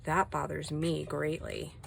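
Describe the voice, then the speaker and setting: Middle-aged woman vlogger, low voice, chatty and confiding while crafting. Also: little pitch movement, takes it slowly, vocal fry, a little hiss or hum. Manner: chatty, indignant, confiding asides. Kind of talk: casual chat while doing a craft.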